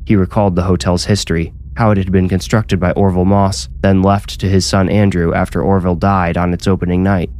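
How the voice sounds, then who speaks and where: A man, the author, reading his own horror story in a measured, low-key way. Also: level tone, a little mellow. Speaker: author and narrator. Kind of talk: scripted horror narration.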